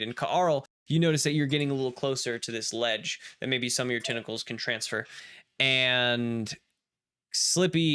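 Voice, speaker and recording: Bright, crisp man running a tabletop game. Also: medium pitch. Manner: lively narration with frequent restarts. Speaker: game master.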